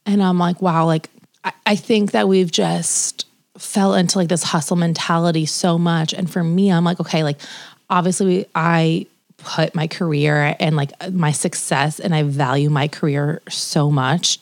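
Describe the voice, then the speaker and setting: Low creaky-voiced woman. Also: steady tone, a little slow, dry recording, studio quality. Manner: emotional, reflective, frank, with frequent fillers. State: new mother two months postpartum. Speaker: podcast co-host. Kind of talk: candid casual chat.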